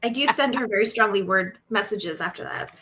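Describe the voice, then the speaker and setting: A woman's voice: mid-range voice, brisk, pushed and bright. A woman in her forties co-hosting a live craft stream on a video call, chatty and giggly, often trailing off mid-sentence. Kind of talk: casual chat.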